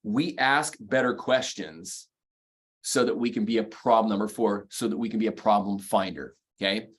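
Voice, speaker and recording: A man's voice: lowish voice, normal speed, breathy edge. A man coaching mortgage professionals in a motivational sales training talk, speaking emphatically, repeating key phrases and counting off numbered points.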